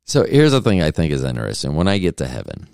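A man with a very low voice talks alone into a podcast mic, joking and wandering off on tangents. His pitch jumps around a lot as he teases himself, and the sound is dry and close, with no room around it. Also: huge pitch swings, quick pace, creaky, darkish tone, clean tone, no echo. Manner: joking, self-deprecating, wandering asides. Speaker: podcast host. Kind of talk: rambling solo podcast monologue.

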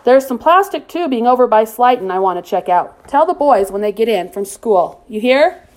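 A woman's voice: fairly high pitch, expressive, moderate pace, darkish tone, close to an everyday voice. A woman voicing a middle-aged farmer father, calling out offhandedly. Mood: offhand.

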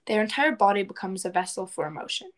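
A woman co-hosting a laid-back podcast, talking casually and then reading astrology text aloud. She sits at a middling pitch and is recorded remotely over a call. She moves easily between loose chat and reading. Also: animated, quick pace, poor audio. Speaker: podcast co-host.

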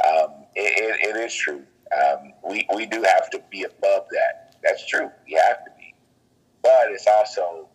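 A man's voice: low-pitched, fairly bright tone, slightly rough, low-quality recording. A man in casual faith talk, earnest and preachy, often repeating his words as he goes.

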